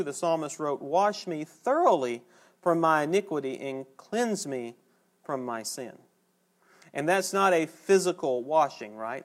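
A man preaching a sermon in a folksy, conversational way, pausing for emphasis. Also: fairly high pitch.

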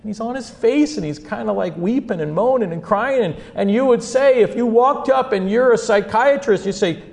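Brief: male preacher with a gravel-edged voice who tells scripture stories with dramatic volume swings. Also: normal speed. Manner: storytelling, swings from low asides to loud emphatic peaks. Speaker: speaker teaching on faith and mental health. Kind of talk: animated Bible-story sermon.

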